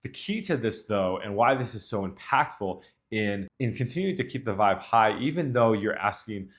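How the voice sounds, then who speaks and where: A man speaking casually to camera as a dating coach, explaining calmly and directly. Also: fairly low pitch, moderate pace. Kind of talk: instructional talk to camera.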